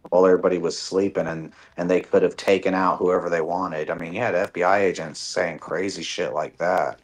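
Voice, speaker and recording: A man in casual chat, telling stories in a profane, animated way. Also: low-pitched, poor audio. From Nevada, USA.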